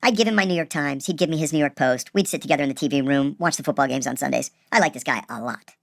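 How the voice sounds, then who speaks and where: A man casually telling a personal story, animated and acting out the people he quotes. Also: fairly high pitch, fast, gravelly, no echo, studio quality. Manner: animated, acts out quoted voices.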